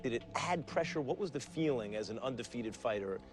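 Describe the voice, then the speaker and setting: A man's voice: medium pitch, animated, brisk, soft background music. A man hosting a broadcast sports interview, asking polished, leading questions of retired boxers. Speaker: interviewer, co-host.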